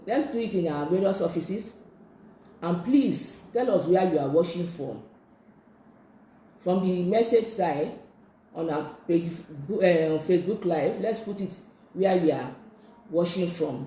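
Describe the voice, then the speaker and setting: A sign language instructor, teaching slowly and patiently in a live-streamed lesson, repeating each phrase many times. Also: mid-range voice, expressive, dark tone, slight background noise. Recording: echoey room.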